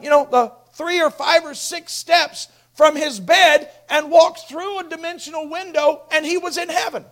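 A man preaching a sermon with great passion, swinging from hushed asides to shouted appeals. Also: very high voice.

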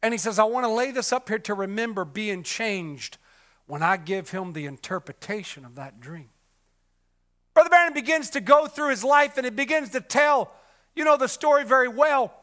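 Man, preacher, sermon, high-pitched, ringing bright tone, repetitive, many fillers. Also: expressive, normal speed. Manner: impassioned, swings from loud cries to hushed murmurs.

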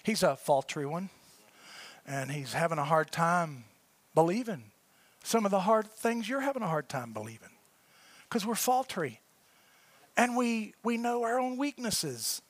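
A male preacher reading scripture in a sermon, rising to shouted peaks and dropping to quiet asides. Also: animated, unhurried, long pauses, dry recording. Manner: builds to high shouting peaks, then drops to quiet asides.

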